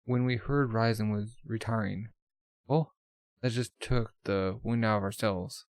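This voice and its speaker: A man's voice: lowish voice, steady tone, a little slow, dry recording. A man reading the lines of a blunt, old male demon king from a manga. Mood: rueful.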